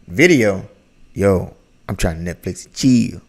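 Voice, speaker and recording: A man hosting a casual reaction chat, talking in an animated, slangy way and often repeating his phrases. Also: low-pitched, slow, long pauses, slightly rough. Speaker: reaction channel host.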